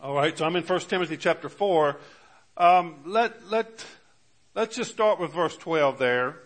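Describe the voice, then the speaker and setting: A man's voice: on the high side, measured pace, fairly bright tone. A man preaching a sermon as pastor, with emphatic rises on key words and many fillers and restarts. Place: church.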